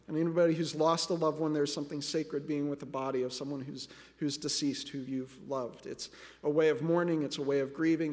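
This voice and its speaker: A man preaching a sermon as pastor, earnest and reflective, speaking directly to his listeners as friends. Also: on the high side. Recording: long reverb of a large hall.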